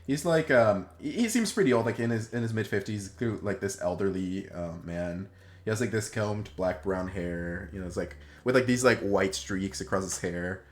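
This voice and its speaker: A man's voice: fairly low pitch, moderate pace. A man narrating as game master of a tabletop game, rambling with many fillers and restarts.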